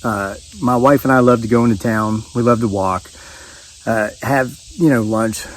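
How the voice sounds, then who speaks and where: A man's voice: mid-range voice, normal speed, slight background noise, rough recording. Older man telling a rambling story outdoors. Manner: rambling, folksy, with many fillers and restarts. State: sweaty in the heat. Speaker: vlogger. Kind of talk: casual storytelling to camera. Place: outdoors on a rural homestead.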